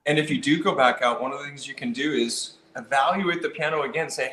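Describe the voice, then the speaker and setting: A man's voice: medium pitch, fairly quick, sharp tone, roomy sound. A man teaching piano technicians about customer service, talking with energy and acting out phone calls and visits. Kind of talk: instructional talk.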